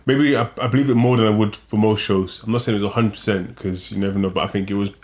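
A man from England chatting casually about a TV show, rambling and restarting his sentences, quick to joke. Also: fairly low pitch, fairly even intonation, darkish tone. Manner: rambling, restarts often, jokey. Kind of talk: casual chat reviewing a TV show.

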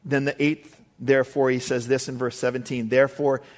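A man's voice: mid-range voice, little pitch movement, brisk. Male pastor preaching, chatty and emphatic, keeps talking to the crowd. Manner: conversational, emphatic, frequent asides. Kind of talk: sermon.

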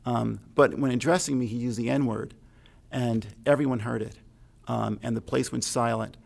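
Gravelly middle-aged man telling a story. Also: mid-range voice, fairly even intonation. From New York, USA. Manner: conversational, halting, self-correcting. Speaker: speaker sharing a personal story. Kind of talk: reflective personal storytelling.

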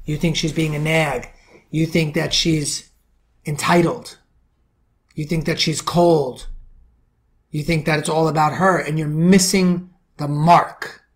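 Middle-aged New York man, men's coach and podcast host, slightly high-pitched, forceful motivational delivery. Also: steady tone, slow, pauses often. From the Bronx, New York. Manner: forceful preaching, rhetorical questions, drops to low intense tones. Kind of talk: motivational monologue.

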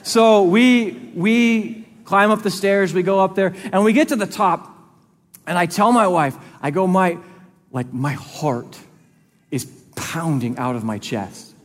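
A man's voice: high-pitched, takes it slowly, big-room sound. A man, a pastor, preaching a sermon in a conversational way, acting out quoted voices as he goes. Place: church sanctuary.

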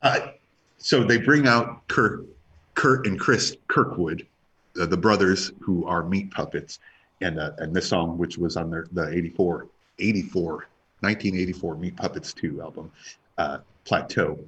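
A man's voice: sits low, a little slow, fairly bright tone, breathy edge. A man co-hosting a casual music podcast, rambling with many restarts and fillers. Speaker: podcast co-host.

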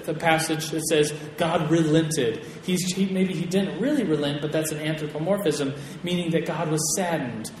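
A man teaching a Bible class to a group in a casual, chatty way, with an animated storytelling manner and frequent restarts, in a large hall. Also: fairly high pitch. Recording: echoey hall with long reverb, faint room noise.

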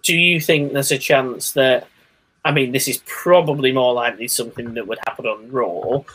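A man's voice: mid-range voice, normal speed, fairly bright tone, breathy edge, low-quality recording. Laughing man hosting wrestling chat. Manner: laughs often, leads the segments. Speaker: podcast co-host.

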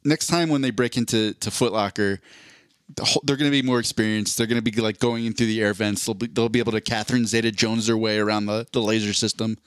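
A man's voice: lowish voice, steady tone, quick pace, smooth, no echo, clean studio sound. A man co-hosting a casual podcast chat, rambling and restarting as he explains things at length. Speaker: podcast co-host.

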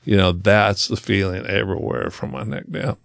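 A man with a low, gravelly voice tells his own story as a guest in a conversation. He speaks earnestly and slows down to stress key moments. The sound is dry and close, with no room echo. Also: fairly even intonation, fairly bright tone. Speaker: podcast guest, motivational speaker.

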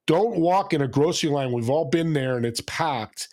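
A man's voice: on the high side, moderate pace. A man speaking as a guest, telling stories with energy and acting out the people in them. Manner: animated storyteller, acts out customers. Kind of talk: conversational interview.

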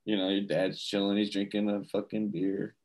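A man's voice: fairly low pitch, monotone, normal speed, darkish tone. A man co-hosting a casual podcast, joking crudely and swearing often. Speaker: podcast co-host. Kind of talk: casual chat.

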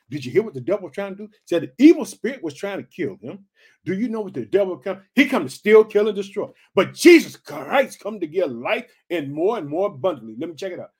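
High-pitched guy preaching hard, fired up, keeps calling everyone family. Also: very animated, brisk, darkish tone, breathy edge. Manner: fired-up, repeats catchphrases, calls listeners family. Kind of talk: energetic sermon.

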